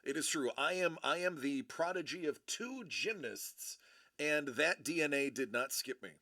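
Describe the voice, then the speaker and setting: Playful, theatrical male co-host with a bright, slightly high voice. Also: normal speed, dry recording, clean studio sound. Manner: playful, self-mocking, theatrical. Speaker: live stream co-host. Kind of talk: casual joking banter.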